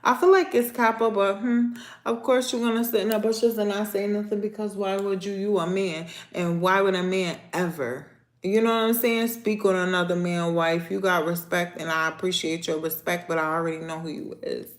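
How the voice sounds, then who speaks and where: A woman's voice: mid-range voice, moderate pace. Sassy woman ranting in an echoey room. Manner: animated, sassy, talks straight to viewers. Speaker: livestream host. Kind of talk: casual livestream rant.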